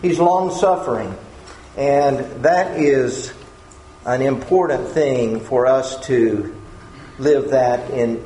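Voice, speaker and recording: Slow, earnest male preacher in echoey room. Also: medium pitch, warm tone. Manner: earnest, repeats words while searching for phrasing. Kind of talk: sermon. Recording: echoey room with faint background noise.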